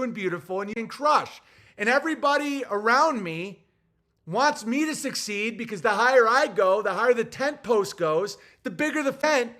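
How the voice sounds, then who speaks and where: A man's voice: very high-pitched, bright, forceful tone. A male comedian delivering a heated, blunt and sarcastic ranting monologue.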